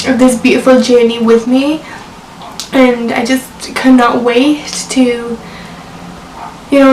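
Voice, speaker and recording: A woman's voice: a little high, slight background noise. A young woman telling her personal story in a vlog, chatty and full of "like" and "you know". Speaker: vlogger. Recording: roomy echo from a distant mic.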